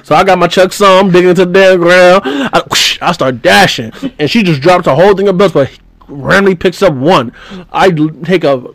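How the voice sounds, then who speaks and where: A young man in casual podcast talk, telling a story with lively sound effects and a voice that climbs when he gets excited. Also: high-pitched, a little fast. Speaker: podcast host.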